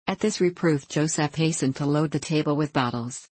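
A woman narrating a classic novel as an audiobook in a measured, even storytelling manner. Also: deep voice, husky, dry recording.

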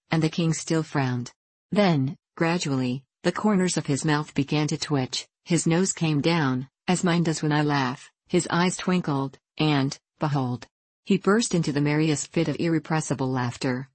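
A woman narrating a classic novel as an audiobook in a measured, even storytelling manner. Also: sits low, no room sound.

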